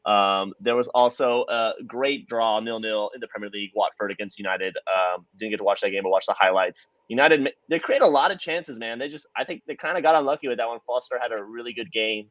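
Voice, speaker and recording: A man's voice: lowish voice, fairly bright tone, no room sound, muffled recording. A man hosting a casual sports podcast, joking and steering the talk from topic to topic. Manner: fast, jokey, leads the topics. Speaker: podcast host.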